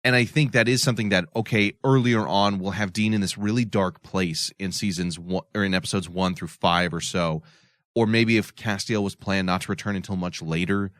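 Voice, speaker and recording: A man with a low-pitched voice talks through a TV episode as a podcast co-host, loose and conversational. He explains at length and circles back to restart his points. The sound is dry and close, with no room around him. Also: fairly even intonation, brisk, fairly bright tone, no echo. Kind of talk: casual episode discussion.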